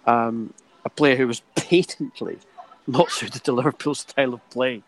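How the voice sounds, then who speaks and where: A man's voice: medium pitch, fairly bright tone, rough recording. A man who works as a football journalist, telling transfer anecdotes in a chatty way and laughing often. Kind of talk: podcast discussion.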